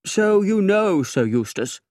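A man's voice: sits high, big pitch swings, slow pace, darkish tone, no room sound, studio quality, pitched above the performer's own voice, heavily acted. A man voicing a grave, dutiful secretary. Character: earnest, upright male secretary, grave and dutiful.

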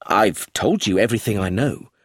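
A man's voice: fairly low pitch, lively intonation, moderate pace, dry recording, clean studio sound. A man reading a storybook, voicing a clumsy, anxious middle-aged businessman who pleads eagerly. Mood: eager, confused.

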